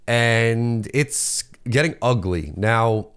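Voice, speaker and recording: Venting young New podcast host. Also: male voice, medium pitch, very slow, clear, resonant tone. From Long Island, New York. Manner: animated, venting, self-interrupting with repeated words. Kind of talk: casual podcast rant.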